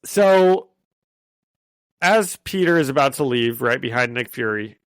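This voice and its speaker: A man's voice: medium pitch, animated, unhurried, no echo. A man co-hosting a casual comic-book podcast, recapping the story and laughing often. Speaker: podcast co-host.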